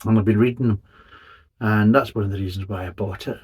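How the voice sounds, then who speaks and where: A man hosting a beer review channel, rambling through his thoughts with blunt, sweary candour. His voice is husky and sits a little low. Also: fairly even intonation, brisk, darkish tone. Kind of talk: casual review monologue.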